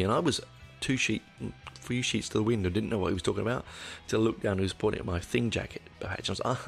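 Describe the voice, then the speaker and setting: A man's voice: lowish voice, rapid-fire, gravelly, few pauses, soft background music. A middle-aged man hosting a casual solo podcast, rambling and candid, correcting himself often, with dry asides. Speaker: podcast host.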